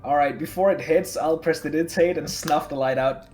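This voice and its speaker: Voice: mid-range voice, a little fast, darkish tone, soft background music. A player in a tabletop game, casual, playful and teasing.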